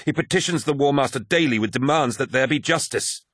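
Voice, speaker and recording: A man reading an audiobook, voicing a scheming male warrior who speaks in a measured, menacing way. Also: medium pitch, fairly bright tone, no echo, clean studio sound, pitched above the performer's own voice, close to an everyday voice. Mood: grave. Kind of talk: audiobook character voice.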